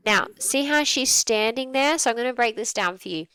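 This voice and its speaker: A woman's voice: fairly high pitch, lively intonation, brisk, sharp tone, clear, resonant tone, low-quality recording. A woman dog trainer giving a conversational commentary on a training video, explaining things through acted-out examples.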